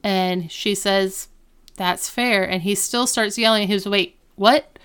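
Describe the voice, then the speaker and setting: Speaking a little slowly in a clear, resonant, mid-range voice, this podcast co-host gives a casual rundown of a TV episode. She animates the story by performing the quoted lines of each character as part of the easygoing conversation.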